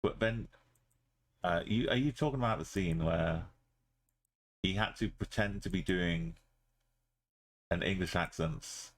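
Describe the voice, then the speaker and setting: A man with a very low voice talks through a live stream in loose, easy chat. He mutters half-finished thoughts to himself, then turns to his viewers to muse and chat. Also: unhurried, long pauses, slight background noise. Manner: thinking aloud, musing and chatting with viewers. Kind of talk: casual live-stream commentary while playing.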